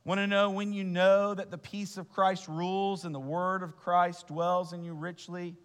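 Pastor, male, higher register, earnest sermon delivery, big church reverb. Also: level tone, moderate pace, clear, resonant tone. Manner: earnest, rhetorical questions, repeats words. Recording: long reverb of a church hall.

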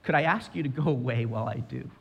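A man's voice: mid-range voice, fast, creaky, husky, dull audio. A man voicing a frightened, thirsty young girl who pleads hesitantly, in a storybook retelling. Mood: pleading. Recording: reverberant hall.

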